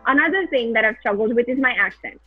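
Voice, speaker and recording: Woman, North American accent, interview guest, high voice, earnest, video call. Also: lively intonation, quick pace, husky, dry recording, soft background music. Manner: earnest, reflective, with frequent fillers. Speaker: guest journalist. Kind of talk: interview conversation. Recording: tinny phone-like line.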